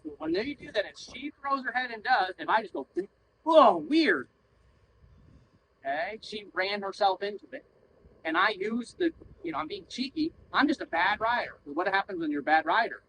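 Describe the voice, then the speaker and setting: A man's voice: sits high, big pitch swings, normal speed, pushed and bright, a little hiss or hum, rough recording. A man working as a horse trainer, coaching bluntly while riding, swearing freely and acting out little voices to make his point. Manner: blunt, profane, acts out voices to explain. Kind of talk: coaching during a training session.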